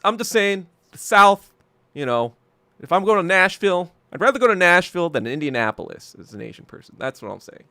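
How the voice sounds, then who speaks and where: A man hosts his podcast alone, ranting profanely and with plenty of heat. His voice is bright and edged, with a gravelly fry under it. The sound is close and dry. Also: medium pitch, no echo. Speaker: podcast host. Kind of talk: casual solo commentary.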